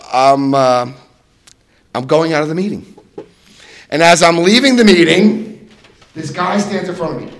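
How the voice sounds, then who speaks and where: A middle-aged man telling his recovery story to a room, animated, swinging between loud and soft and acting out voices. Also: fairly high pitch. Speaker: recovery speaker.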